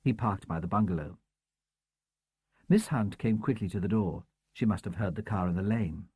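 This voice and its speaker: A man narrating a crime novel audiobook in a measured, expressive storytelling manner. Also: fairly low pitch, slightly rough, no echo. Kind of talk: scripted narration.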